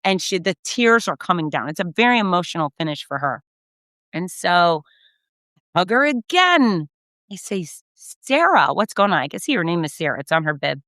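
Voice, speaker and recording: A middle-aged woman recaps her weekend as a race announcer, effusive and animated, acting out every quote. Her voice is bright and crisp. It is recorded dry and close with no room sound. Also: fairly low pitch, normal speed, dry recording. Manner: effusive, animated storyteller who acts out quotes. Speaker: race announcer and podcast host. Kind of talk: casual storytelling recap.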